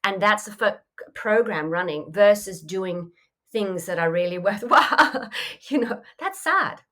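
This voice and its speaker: A woman's voice: mid-range voice, lively intonation, a little slow, pushed and bright. Woman guest, reflective coach, talks it through in a mid-range voice. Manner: reflective, acts out inner voices in quotes, frequent "you know". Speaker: mindfulness coach, podcast guest. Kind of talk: conversational interview answer.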